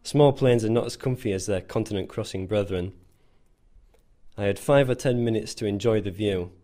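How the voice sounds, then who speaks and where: Guy with a lowish voice reading his own story, dry and a bit self-mocking. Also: moderate pace, mellow. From England. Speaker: volunteer soldier. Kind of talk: scripted first-person narration.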